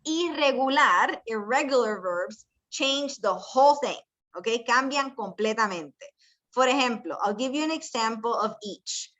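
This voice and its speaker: Her voice a little high and fairly bright, with lively intonation and a measured pace, a woman teaches English to her class. She explains things patiently step by step, quizzes the students, and shifts between English and Spanish.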